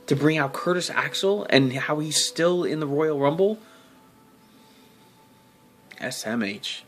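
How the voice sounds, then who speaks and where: A man's voice: on the high side, lively intonation, slow, long pauses, soft background music. A man giving a casual, rambling wrestling recap full of fillers, swearing and sudden exasperated outbursts. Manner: rambling, profane, many fillers and restarts; jumps to loud exasperated outbursts. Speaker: wrestling vlogger.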